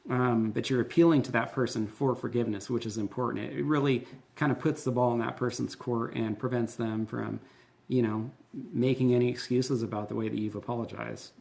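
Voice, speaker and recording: A man's voice: medium pitch, steady tone, fairly quick, creaky, darkish tone. A man in his thirties, a pastor and host, explaining things in a casual, candid and earnest way. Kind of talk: casual conversational teaching.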